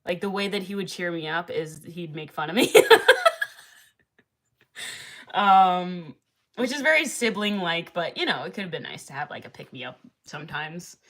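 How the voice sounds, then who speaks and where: A young woman talks casually on a livestream, filling her sentences with ums and likes and laughing easily. Her voice sits a little low. It has a bright, forceful edge. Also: lively intonation, moderate pace. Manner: chatty, laughing often, many fillers. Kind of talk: casual live-stream chat.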